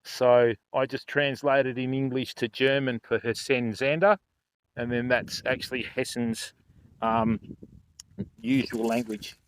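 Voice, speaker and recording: A man's voice: mid-range voice, steady tone, unhurried, clear, resonant tone. An older man hosting a fishing livestream, chatting casually and joking with viewers. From Australia. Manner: chatty, jokey, laughs often, addresses chat by name.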